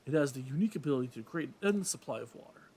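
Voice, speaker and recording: A man's voice: mid-range voice, lively intonation, racing, darkish tone, slight background noise, lightly acted. A man reading game dialogue as a grand old male fish-folk king with formal, courtly phrasing. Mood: regal. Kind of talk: let's play voice reading.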